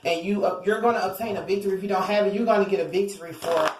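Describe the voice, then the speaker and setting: A woman's voice: medium pitch, steady tone, very fast, crowd noise. A woman giving a casual tarot reading, chatty, blunt and profane, who acts out what other people say. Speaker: tarot card reader. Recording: roomy echo.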